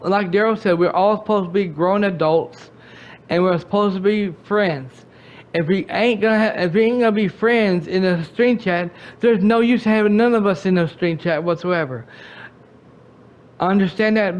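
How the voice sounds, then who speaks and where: A riled-up man with a drawl and a voice that sits high for a man, scolding a friend in a long rant. His sentences keep stopping and starting over as he repeats himself. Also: moderate pace. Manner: angry, repetitive, stumbling restarts. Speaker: gaming channel host.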